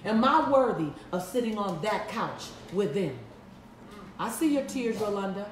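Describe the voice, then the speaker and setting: A woman's voice: medium pitch, lively intonation, unhurried, a little hiss or hum. A woman giving an emphatic, preacherly motivational talk to a live audience, repeating lines for effect. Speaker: motivational speaker. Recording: echoey room, mic at a distance.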